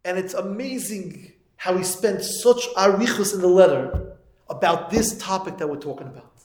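Man, high voice, lecturing students, storytelling turning to fervent preaching, Yiddish and Hebrew terms throughout, echoey room. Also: normal speed, darkish tone. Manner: storytelling, rising to emphatic moral preaching. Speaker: teacher of yeshiva students.

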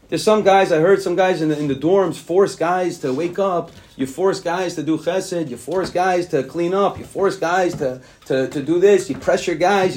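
A man with a notably high voice gives a Torah lecture as a yeshiva rabbi, mixing Hebrew terms into his English. He speaks emphatically, hammering each point with repetition and building to insistent peaks. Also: a little mellow.

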